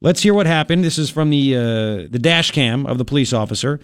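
A man's voice: a little high, fairly quick, clean tone, no echo. Sarcastic male commentary host, dry sound. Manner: sarcastic, mocking, animated. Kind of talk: political commentary over played clips.

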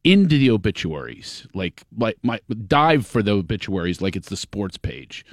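A man's voice: on the low side, sing-song, normal speed, no echo, studio quality. A middle-aged man, a comedian hosting a casual chat, telling jokes and stories with a laugh. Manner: joking, storytelling, laughs often.

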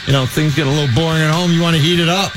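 A man's voice: on the high side, steady tone, very fast. A man co-hosting a casual radio talk show, jokey and streetwise. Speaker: radio co-host. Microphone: studio microphone. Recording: dry studio sound with faint music.

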